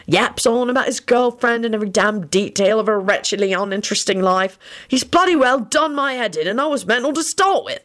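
A woman voicing a brash, cheeky young man who jokes loudly and mocks everyone. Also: on the high side, a little fast, voice pushed up, natural voice. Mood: cocky. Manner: loud, mocking, sing-song.

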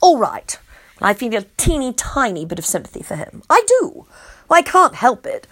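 A woman's voice: high voice, very animated, moderate pace, a bit bright. A woman narrating an audiobook in first person, exasperated, sarcastic and sweary.

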